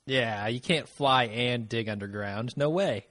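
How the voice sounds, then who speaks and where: A man's voice: mid-range voice, measured pace, a bit bright, no room sound. A man co-hosting a podcast, chatting in a laid-back way with short agreeing replies. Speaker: podcast co-host. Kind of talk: casual podcast chat.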